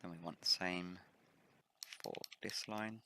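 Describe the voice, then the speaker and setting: A man hosting a game let's play, relaxed and thinking aloud while he builds, his voice a little rough from the early morning. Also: low voice, takes it slowly, noisy background. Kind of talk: casual gameplay commentary.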